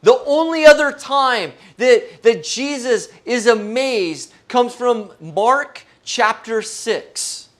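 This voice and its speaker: A man's voice: very high-pitched, fairly bright tone. A middle-aged male pastor giving a conversational sermon, joking about himself and asking his listeners questions. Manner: humorous, self-deprecating, asks the audience questions.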